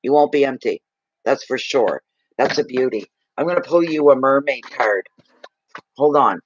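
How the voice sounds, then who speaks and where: A man giving a live tarot card reading, gushing and emotional, slow and soothing. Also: mid-range voice, animated, highs cut off, a little hiss or hum.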